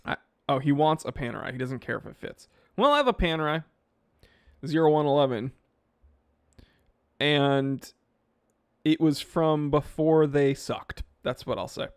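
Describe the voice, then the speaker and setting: Offhand man with a fairly high voice. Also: animated, unhurried, long pauses, clean tone, no room sound, clean studio sound. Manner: rambling, offhand, reads comments aloud. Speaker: watch channel host reading live chat. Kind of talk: casual live stream chat.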